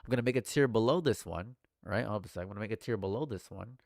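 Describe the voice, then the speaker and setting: A man streaming casual live commentary, ranting in mock outrage and swinging between mumbled asides and loud outbursts. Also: lowish voice, rapid-fire, creaky, no echo, studio quality.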